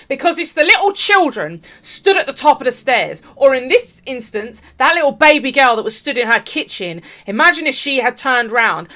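A woman's voice: high-pitched, sharp tone. Emphatic woman hosting a commentary show. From United Kingdom. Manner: emphatic, repeats points, talks to viewers. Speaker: host of an online commentary show. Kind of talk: opinionated commentary.

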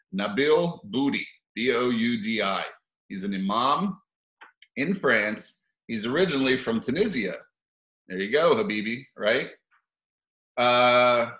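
A man's voice: mid-range voice, fairly bright tone, echoey room, rough recording. A man giving rambling, profane opinion commentary for his video channel, sardonic and given to chuckling asides.

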